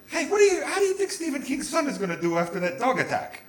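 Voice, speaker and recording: A man's voice: very high-pitched, sing-song, fast talker, pitched above the performer's own voice. A man voicing his stubborn, stoned older mother-in-law in an insistent, indignant, raised voice, in an echoey theater.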